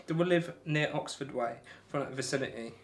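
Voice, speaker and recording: A man's voice: on the high side, brisk. A man with a broad Northamptonshire accent chatting casually to viewers on a darts live stream, laid-back and laughing often. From England.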